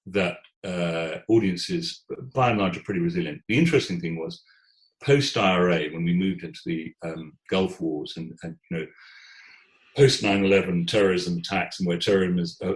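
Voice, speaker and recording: A British theatre executive in his sixties telling stories in an interview, animated, often restarting words and quoting voices. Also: low-pitched, echoey room, rough recording. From Britain. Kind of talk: conversational storytelling.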